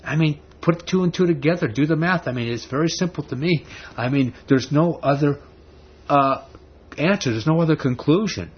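A man's voice: on the high side, normal speed, breathy edge. A man preaching a sermon in a conversational way, building to emphatic rhetorical questions. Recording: dull lo-fi recording with faint background noise.

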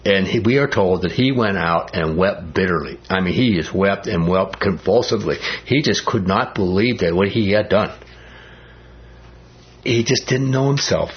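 A man preaching a sermon as pastor, speaking in a conversational, animated way that builds in emphasis. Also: sits low, normal speed, highs cut off.

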